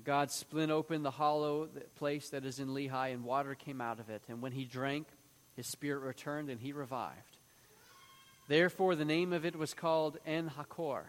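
A man's voice: a little high, normal speed. Man teaching scripture in a reverberant space. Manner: animated, acting out quoted speech in a raised voice. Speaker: Bible teacher. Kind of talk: Bible teaching with scripture reading.

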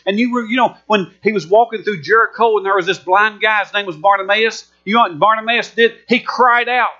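A man with a high, bright, forceful voice preaches an emphatic, repetitive sermon. The recording is muffled and lo-fi, with a steady mains hum underneath.

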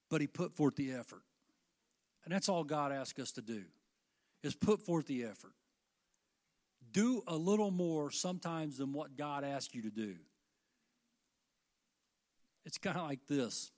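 A man's voice: a little high, expressive, measured pace, long pauses, a little mellow. An older man preaching a sermon to his congregation, with fervent delivery that rises and falls. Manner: fervent, rising and falling delivery.

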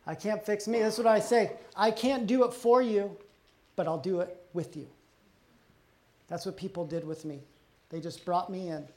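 A middle-aged pastor preaches an earnest, confessional sermon, often dropping soft and low when he gets personal. He speaks at normal speed and pauses often.

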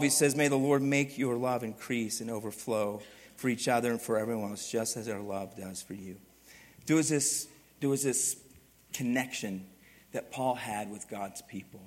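A man preaching a sermon as pastor, animated, swinging from loud emphatic bursts to quiet, hushed passages. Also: medium pitch, big-room sound.

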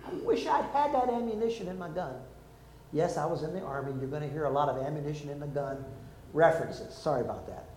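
A man's voice: on the high side, quick pace, roomy sound, a little hiss or hum, poor audio. An older man preaching a sermon, telling stories and acting out the people in them. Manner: lively storytelling, acts out quotes. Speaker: preacher, former army chaplain.

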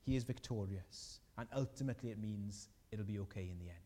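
A man's voice: lowish voice, brisk, mellow, slightly rough, long reverb tail. A man preaching a sermon as a pastor, earnest and rising in emphasis on key lines.

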